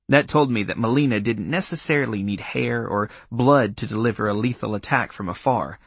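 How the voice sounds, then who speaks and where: A man narrating an audiobook in the first person, with wry, expressive storytelling. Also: mid-range voice, fairly quick, creaky, hardly any pauses, slightly rough, no echo.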